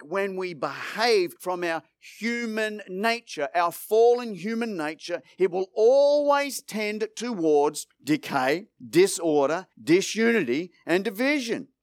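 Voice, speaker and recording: A male pastor preaches with emphatic, repeated rhetorical lines that build in intensity. His voice sits high for a man. The sound is close and dry, with no room echo. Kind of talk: sermon.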